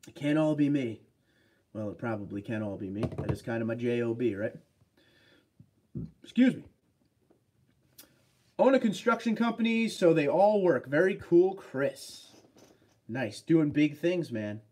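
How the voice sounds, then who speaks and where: A man's voice: mid-range voice, expressive, measured pace, long pauses, dark tone. A man hosting a casual livestream, chatting upbeat and rambling as he reads out viewer comments. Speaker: livestream host.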